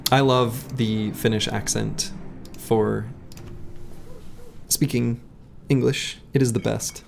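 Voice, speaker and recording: A man's voice: lowish voice, fairly even intonation, slow pace, creaky, slight background noise. A man casually commenting on his game as he plays, thinking aloud and chatting with his viewers. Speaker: game streamer.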